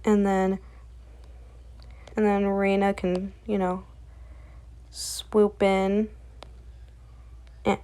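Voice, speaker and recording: A woman's voice: mid-range voice, monotone, extremely slow, pauses often, warm tone. A woman recapping a webcomic in a rambling, chatty way, full of fillers. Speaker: comic recap creator. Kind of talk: casual comic recap.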